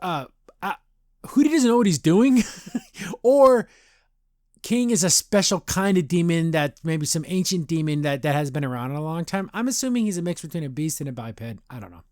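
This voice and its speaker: A man with a fairly high voice gives a loose, chatty podcast recap of a cartoon episode. He circles back and restarts often, and keeps dropping into quick paraphrased impressions of the characters. The sound is dry and close, with no room around it. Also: lively intonation, darkish tone, dry recording. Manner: rambling, loose retelling with frequent restarts and fillers.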